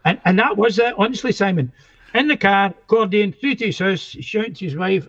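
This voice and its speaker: A man's voice: high voice, moderate pace, fairly bright tone. An older man with a Scottish accent, a guest musician telling anecdotes in a rambling, self-interrupting way, on a dull lo-fi recording.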